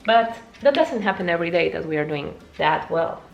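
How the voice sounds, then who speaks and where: Lively woman hosting a casual language lesson. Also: a little fast, creaky, muffled recording, faint music behind. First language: not English. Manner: lively, jumps high to demonstrate words, chatty with fillers. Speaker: language teacher and video host.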